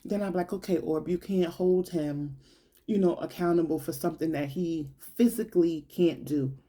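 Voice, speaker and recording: A young adult woman talks slowly and from the heart in a personal monologue. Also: fairly low pitch, fairly even intonation, warm tone. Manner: slow, heartfelt, colloquial and conversational. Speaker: vlogger.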